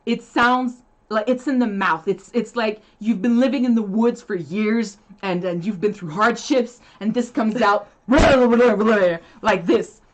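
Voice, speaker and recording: A woman's voice: medium pitch, measured pace. A woman from Quebec with a Quebec French accent, a native French speaker, chatting casually on a live stream. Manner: chatty, laughs often, restarts sentences. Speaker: co-host.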